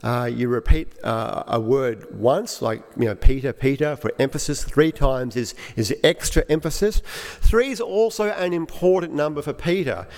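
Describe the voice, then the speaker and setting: Halting preacher in an echoey hall. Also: male voice, on the high side, expressive, a little mellow. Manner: halting, repeats words while explaining. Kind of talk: sermon.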